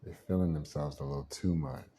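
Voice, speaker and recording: In this casual monologue, a man with a rumbling low voice speaks a little quickly while a slight hiss or hum sits underneath. He rambles and vents his frustration, laughing frequently and animatedly performing the voices he's quoting.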